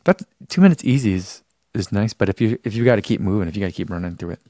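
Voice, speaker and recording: A man's voice: fairly low pitch, expressive, fast talker, dark tone, no room sound, studio quality. A man hosting a running live stream, chatting casually, reading out viewer comments and rambling with self-deprecating laughs.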